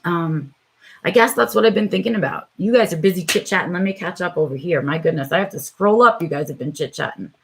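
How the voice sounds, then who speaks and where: A woman's voice: on the low side, fast, vocal fry, a little hiss or hum. A middle-aged woman hosting a live stream, talking reflectively and hesitantly with viewers, with lots of filler words. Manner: reflective, hesitant, many "um"s and "right?"s. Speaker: vlog host on a live stream.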